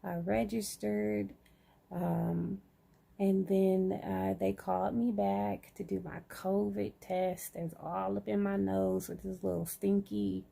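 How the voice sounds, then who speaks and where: A woman's voice: medium pitch, flat delivery, slow, vocal fry, warm tone. A woman chatting casually to camera, groggy after surgery, sprinkling "y'all" through her talk. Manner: chatty, says "y'all" often. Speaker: vlogger.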